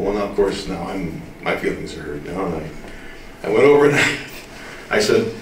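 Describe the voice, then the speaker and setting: A man's voice: fairly low pitch, lively intonation, a bit bright, slight background noise. An older man from the Midwest, telling stories in an interview and drawling out his words with firm emphasis. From American Midwest. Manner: drawling, slow to get things said, emphatic. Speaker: voice actor interviewee. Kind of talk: casual interview storytelling. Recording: roomy room, distant mic.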